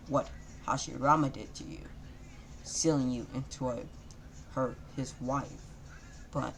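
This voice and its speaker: A man voicing a brash, boastful young male ninja who breaks into loud shouts and clumsy rhymes. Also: medium pitch, a little hiss or hum, lightly acted. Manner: shouty bursts, loose rhyming.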